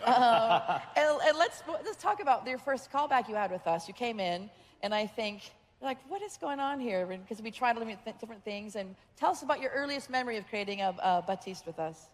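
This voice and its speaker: Chatty woman panel host, high voice. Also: animated, a little fast, hardly any pauses. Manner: chatty, laughing, teasing. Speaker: voice director on a game panel. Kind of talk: casual panel chat. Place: convention hall stage. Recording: long reverb from a convention hall stage.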